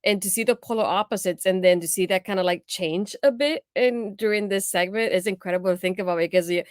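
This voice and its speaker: A woman's voice: medium pitch, quick pace, dry recording, studio quality. A woman co-hosting a podcast, chatting casually and relaxedly with lots of filler words. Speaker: podcast co-host. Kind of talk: casual chat.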